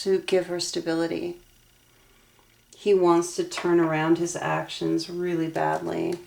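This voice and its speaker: Low, flat-voiced woman reading tarot. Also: gravelly. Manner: earnest, emotionally invested, talks through cards aloud. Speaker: tarot reader.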